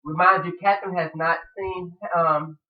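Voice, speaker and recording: A man recapping a TV episode in casual, profane, animated talk, acting out the characters' lines. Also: high voice, normal speed, reverberant, far from the mic, lo-fi sound. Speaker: TV show recap reviewer.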